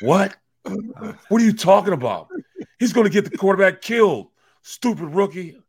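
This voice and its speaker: An angry, indignant coworker, pitched well up and loud, shouting his complaints, as a man puts him on. The voice is raised and strained. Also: sing-song, normal speed, slightly rough, full character voice. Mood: indignant yelling. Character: angry man yelling about a rookie.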